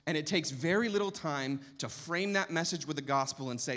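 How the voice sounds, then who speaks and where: A man's voice: on the high side, a little fast, a bit bright. A man giving an impassioned teaching talk to church leaders, speaking emphatically and building to urgent intensity.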